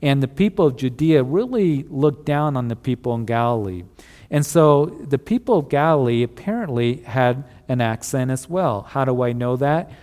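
A man of middle pitch preaches a sermon, walking his listeners through scripture in an easy, storytelling way. His voice rings out with a long reverb, as in a church hall. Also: animated, moderate pace, darkish tone. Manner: storytelling Bible teaching, conversational asides to listeners. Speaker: pastor.

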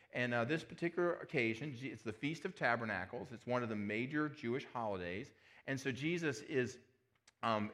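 Conversational man preaching a sermon. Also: mid-range voice. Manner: conversational, with asides and rhetorical questions. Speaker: pastor.

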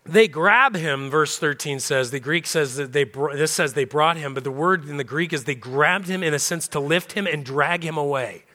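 A man pastor preaching a sermon in an animated, conversational way with casual asides. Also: on the high side, normal speed, few pauses.

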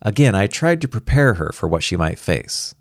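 Man, low voice, lively and varied pitch, earnest reflective audiobook narration, dry close sound. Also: moderate pace, creaky, no echo. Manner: earnest, reflective, quietly anxious. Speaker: narrator as a worried father. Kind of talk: audiobook reading of a first-person story.

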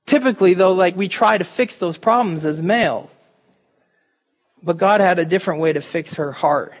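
A pastor with a high-sitting voice speaks at a moderate pace in a reverberant church hall. His sermon is informal and conversational, addressed straight to the congregation.

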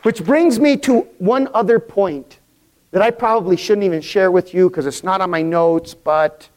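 A man's voice: high-pitched, moderate pace, darkish tone, some chatter behind. A male pastor preaching a sermon, building emphatic crescendos and calling for congregation responses.

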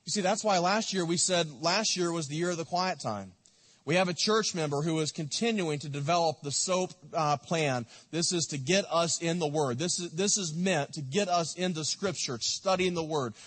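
A man's voice: fairly high pitch, fairly bright tone. A man preaching a sermon as a pastor, exhorting and repeating his points, asking the congregation questions. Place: church sanctuary. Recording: echoey hall.

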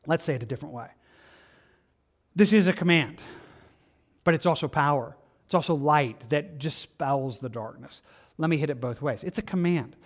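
With a voice on the high side, an American pastor gives a chatty sermon, slipping into quick, small voices to play out the excuses people make.

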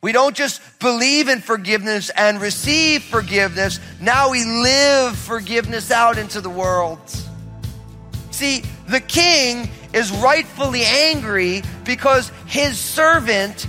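A high-pitched, bright male pastor preaching a sermon in a big church hall with a long reverb. He tells a story in a hushed, storytelling voice and then climbs into loud, emphatic preaching. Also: animated, unhurried, soft background music. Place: church sanctuary with congregation.

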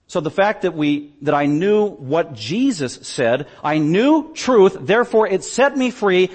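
A man's voice: high voice, expressive, measured pace, few pauses. Emphatic male preacher, rising and falling. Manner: emphatic, swings between loud declarations and quiet asides. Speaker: pastor. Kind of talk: sermon. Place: church stage.

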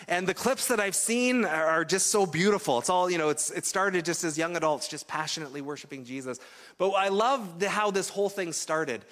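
Male pastor, sermon, chatty storytelling with fillers, slightly high voice, long hall reverb. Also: fairly bright tone. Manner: conversational storytelling with many fillers and restarts.

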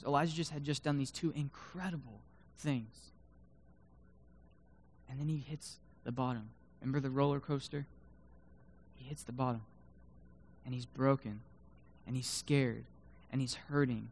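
Man, sermon, fairly high voice, swings from loud bursts to hushed tones, dramatic scripture reading. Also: moderate pace, pauses often. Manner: reads scripture aloud with dramatic emphasis. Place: room with a live audience.

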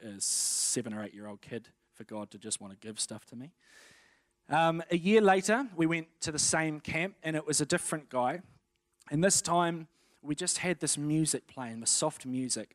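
A man's voice: mid-range voice, no room sound. Man telling his faith story, dry sound. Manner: animated, acts out quotes with laughter. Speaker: speaker sharing a faith testimony. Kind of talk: personal testimony storytelling.

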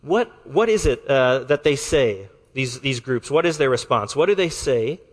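A man preaching a sermon to his congregation in a measured, deliberate way, slowing down to stress key words. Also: medium pitch, lively intonation, big-room sound. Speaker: pastor.

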